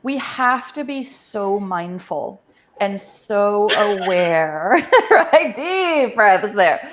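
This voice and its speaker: A woman talks earnestly and with conviction in a relaxed conversation, swearing freely for emphasis. Her voice comes through on dull, muffled lo-fi audio. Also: medium pitch, very slow, a little hiss or hum. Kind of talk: casual conversation.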